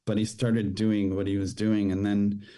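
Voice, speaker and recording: Low, dark-voiced man recounting. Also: level tone. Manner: plain, halting storytelling with fillers. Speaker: podcast guest. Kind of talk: personal testimony.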